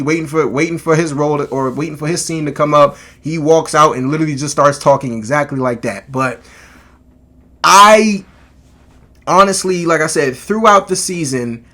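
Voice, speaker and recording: Man, casual TV review, emphatic, profane, fairly high voice. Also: fairly quick, fairly bright tone. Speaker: TV show reviewer.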